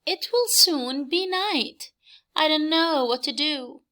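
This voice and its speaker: A woman's voice: high-pitched, expressive, slow, bright, forceful tone, pitched above the performer's own voice, heavily acted. A woman voicing a small lost female bug looking for a home, in an earnest, plaintive way.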